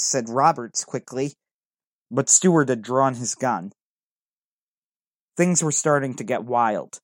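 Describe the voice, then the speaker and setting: A man's voice: mid-range voice, a little slow, no room sound, studio quality. A man reading a first-person adventure story aloud in an earnest, dramatic way. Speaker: narrator.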